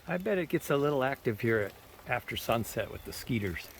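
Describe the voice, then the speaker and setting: A trike touring vlogger with a Minnesotan accent narrates outdoors while riding park trails on a recumbent trike, casually chatting and pointing things out. His mid-range voice is gravelly and animated, a little fast, with slight background noise.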